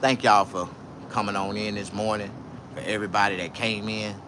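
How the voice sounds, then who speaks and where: A man telling stories in a casual livestream, loud, profane and boisterous. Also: fairly low pitch, level tone, fairly quick, background noise. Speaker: vlogger.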